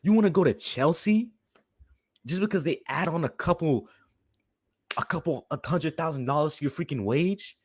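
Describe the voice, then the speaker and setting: A man's voice: a little high, moderate pace, long pauses, no echo, clean studio sound. A young man hosting a fan stream, ranting angrily and repeating "bro" constantly. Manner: heated, repetitive, says "bro" constantly. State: fuming. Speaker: fan channel host. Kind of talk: angry live-stream rant.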